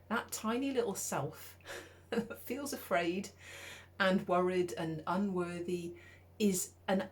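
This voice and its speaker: With a low voice, a middle-aged woman from the UK shares a personal story, keeping it conversational and animated while acting out what she was thinking.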